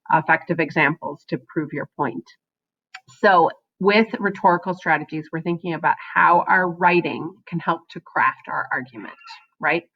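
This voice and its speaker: A woman with a fairly low voice teaches a writing lesson to her students. She speaks in an encouraging way, often adding "um" and asking "right?" to check in. The recording sounds dull and lo-fi. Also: a little hiss or hum. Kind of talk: recorded online class lesson.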